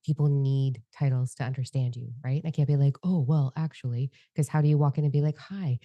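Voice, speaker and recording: A woman co-hosting a podcast in candid casual conversation, talking fast and without a filter, swearing freely. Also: rumbling low, level tone, warm tone, no room sound, muffled recording. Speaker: podcast co-host and psychic medium.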